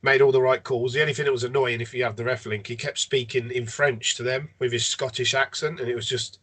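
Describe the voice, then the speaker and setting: A man co-hosting a sports podcast with a husky voice. He tells animated, jokey stories in a casual chat, at a middle pitch. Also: quick pace. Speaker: podcast co-host.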